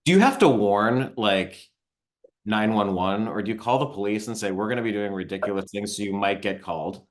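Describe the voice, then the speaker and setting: Low-voiced male interviewer. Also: fairly quick. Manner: conversational, rephrases questions. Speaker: interviewer, awards site editor. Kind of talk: webchat interview. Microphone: video call.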